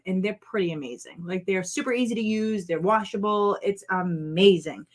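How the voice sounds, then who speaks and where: A woman's voice: mid-range voice, fairly bright tone. Woman crafting vlog host, 30s-40s, chatty and meandering, teasing with chat. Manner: chatty, rambling, playful with viewers. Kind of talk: casual livestream chat.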